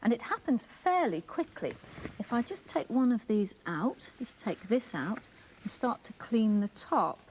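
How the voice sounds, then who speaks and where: Welsh woman demonstrating with lively pitch. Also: a little slow, a little hiss or hum, poor audio. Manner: clear step-by-step explaining. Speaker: co-presenter demonstrating a science trick. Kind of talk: children's TV demonstration.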